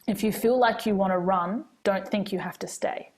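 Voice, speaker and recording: A woman telling candid personal stories in a casual podcast chat, with animated restarts. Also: mid-range voice, moderate pace.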